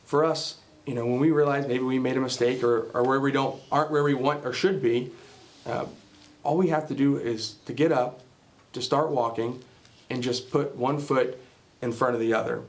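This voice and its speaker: A man's voice: mid-range voice, steady tone, normal speed. A man speaking to a Bible class, retelling a film scene in a rambling, casual way to draw a moral. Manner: rambling, many fillers and restarts.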